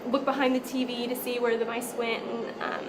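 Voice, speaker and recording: A woman's voice: on the high side, little pitch movement, a little fast, over loud music, low-quality recording. A woman working at a cat hotel, speaking hesitantly in a mockumentary interview with many "um"s.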